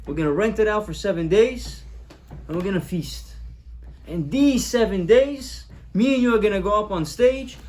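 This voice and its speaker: A man voicing a rich father who keeps exclaiming in excitement about his son. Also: high voice, moderate pace. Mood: eager. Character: overjoyed rich father, middle-aged man.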